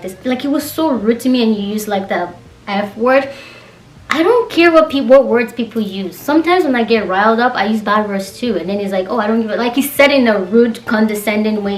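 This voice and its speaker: A woman's voice: mid-range voice, distant mic. Exasperated young woman vlogger, roomy echo. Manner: animated, exasperated, acts out quoted dialogue. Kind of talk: casual storytime rant. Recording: roomy echo, voice away from the mic.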